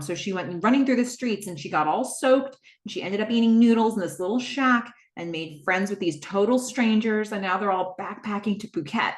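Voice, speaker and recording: A woman hosting a podcast who retells a TV episode in a casual, animated way and acts out the characters' lines. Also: medium pitch, moderate pace. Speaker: podcast host. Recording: roomy echo.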